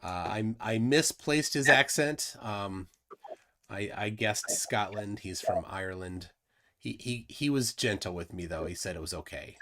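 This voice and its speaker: A man's voice: fairly low pitch, a little slow, a bit bright. A man hosting a live stream in casual chat, rambling with many restarts and fillers. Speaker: livestream host.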